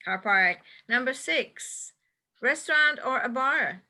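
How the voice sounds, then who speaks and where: Woman, English teacher, patient, repeats answers, slightly high voice. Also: expressive, takes it slowly, pushed and bright. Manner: patient, checks answers one by one and repeats them. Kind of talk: classroom instruction.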